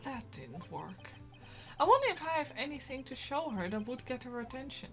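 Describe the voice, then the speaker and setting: A woman's voice: high voice, big pitch swings, normal speed, bright, forceful tone, soft background music, exaggerated voice. A woman voicing a flustered young male defense lawyer, reading game dialogue aloud and stammering. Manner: exasperated, stammering.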